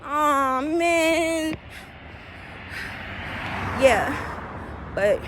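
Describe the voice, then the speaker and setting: A woman talking through a casual, emotional TV episode recap, shrieking at big moments and dropping to quiet murmurs at sad ones. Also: high voice, very slow. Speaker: TV recap vlogger. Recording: steady background traffic noise.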